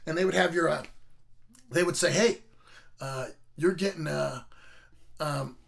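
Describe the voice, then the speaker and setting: A man's voice: fairly high pitch, a little slow, creaky. A middle-aged man casually telling rambling, profane stories about his school football days. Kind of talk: casual storytelling.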